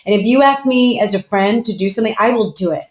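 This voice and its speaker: A woman's voice: medium pitch, quick pace. Woman guest chatting away, fillers everywhere, sounds a bit echoey. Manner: animated, chatty, many fillers. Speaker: podcast guest. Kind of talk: casual storytelling. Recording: roomy echo.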